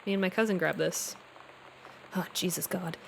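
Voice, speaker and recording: A woman's voice: lowish voice, moderate pace, gravelly, poor audio. A woman streaming a game, chatting casually, swearing and stumbling as she reads notes aloud. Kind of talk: casual gameplay commentary. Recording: live stream with faint room noise.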